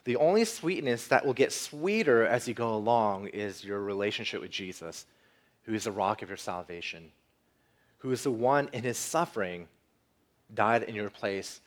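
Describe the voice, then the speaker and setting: Male pastor, low voice, earnest preaching delivery. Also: moderate pace. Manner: earnest preaching, rising for emphasis, softening into prayer. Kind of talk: sermon.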